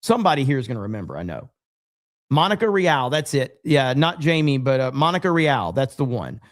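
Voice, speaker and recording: An American man with a medium-pitched, brisk voice hosts a casual livestream podcast. He tells his stories bluntly and animatedly, swearing plenty along the way.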